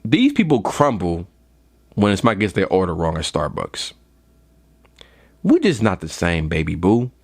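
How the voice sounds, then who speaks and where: Podcast host, young man, comic rant, swings wildly in pitch, slightly worn out. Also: unhurried, long pauses, breathy edge. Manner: animated, swings into high mocking voices. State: a little tired. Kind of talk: comedic rant.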